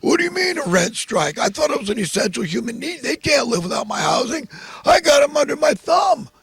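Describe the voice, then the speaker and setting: A man voicing a greedy, insatiable landlord who gloats and shouts his demands. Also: very high-pitched, very animated, brisk, gravelly, pitched above the performer's own voice, full character voice. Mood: gloating greedy.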